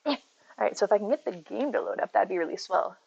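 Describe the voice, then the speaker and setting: A woman's voice: mid-range voice, expressive, fast, vocal fry, darkish tone, husky, dull audio. A woman streaming from home, chatting casually, greeting viewers by name and talking to her cat. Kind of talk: casual live-stream chat. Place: at home near her bed.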